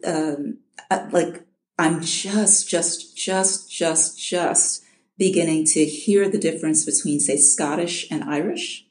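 A woman's voice: sits low, steady tone, slow pace, a little mellow, echoey room. A middle-aged woman from Chicago, an audiobook narrator, talking casually in an interview, often restarting with repeated words and laughing.

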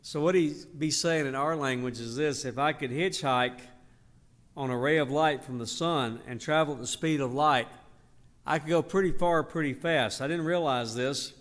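A man's voice: on the high side, a bit bright. Older man teaching Bible study, reverberant hall. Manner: unhurried, emphatic teaching with fillers and restarts. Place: church hall.

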